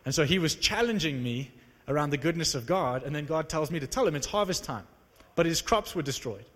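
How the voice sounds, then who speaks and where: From the pulpit, a male preacher with a slightly high voice tells stories in a brisk sermon, acting out dialogue with animated energy. The long reverb of a big hall rings around his voice.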